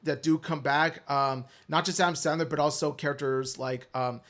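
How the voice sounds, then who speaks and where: A man co-hosting a casual podcast, his voice sitting a little high. He talks in a measured, agreeable way. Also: steady tone, a bit bright. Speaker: podcast co-host. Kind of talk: casual chat.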